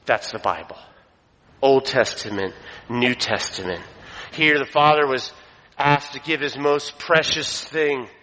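A man preaches a sermon at a middle pitch, his voice rising and pressing on key phrases before settling back down. The sound carries a long reverb, as if recorded in a large sanctuary. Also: a little slow, long pauses. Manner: expressive preaching, swells to emphasis. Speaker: pastor.

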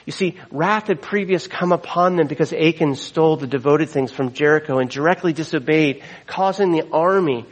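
A man's voice: fairly high pitch, moderate pace, few pauses, poor audio. Earnest middle-aged man preaching. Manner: earnest, preaching with quoted scripture and asides. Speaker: pastor. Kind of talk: sermon.

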